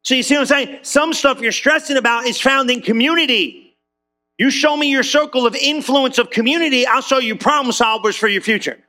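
Bright, lively preaching man. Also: extremely high pitch. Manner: lively and conversational, calls for amens. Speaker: pastor. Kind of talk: sermon.

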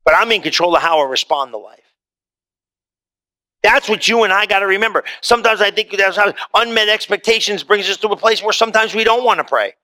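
A man preaching a sermon to a congregation in a conversational, animated way, swinging widely in pitch and pace. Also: a little fast. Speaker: pastor. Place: church hall before a congregation.

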